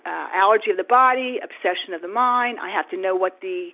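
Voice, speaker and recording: A woman's voice: mid-range voice, brisk. A woman from South Jersey sharing at a recovery meeting, emphatic, with repeated words and rhetorical questions. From South Jersey, United States. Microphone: phone call. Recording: phone-line audio.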